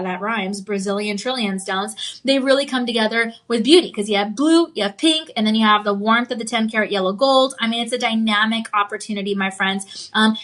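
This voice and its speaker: A woman hosts a live jewelry sales segment in a bright, slightly high voice. She chats playfully with her viewers, pausing often to check in with them. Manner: chatty and playful, keeps checking in with "okay?". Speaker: home shopping host.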